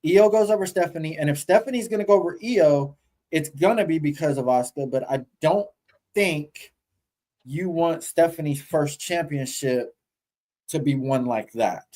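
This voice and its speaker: A man's voice: a little high, normal speed, dark tone, rough recording. A man co-hosting a podcast, telling stories animatedly and swearing casually. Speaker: podcast co-host. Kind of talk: casual chat.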